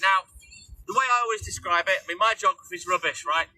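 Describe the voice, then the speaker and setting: A man's voice: high voice, fast talker, pushed and bright, slight background noise, low-quality recording. A man from North Wales with a North Welsh accent, chatting casually and wryly on a livestream and answering viewers by name. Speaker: livestream host. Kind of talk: casual live chat with viewers.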